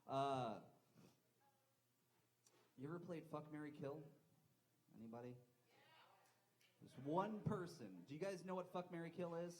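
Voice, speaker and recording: A man's voice: on the high side, unhurried, long pauses, poor audio. A young man performing a live stand-up set, telling rambling, self-deprecating stories with lots of swearing into a handheld mic on a club stage. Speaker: stand-up comedian.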